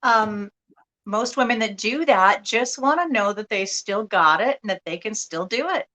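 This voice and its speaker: A woman's voice: mid-range voice, lively intonation, moderate pace, pushed and bright. Frank, easygoing woman co-host. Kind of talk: casual chat.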